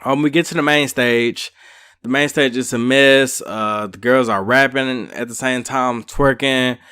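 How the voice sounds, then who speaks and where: A man's voice: mid-range voice, measured pace, clean tone. A man giving a casual, slangy recap and review of a reality show episode. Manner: chatty, slangy, lively storytelling.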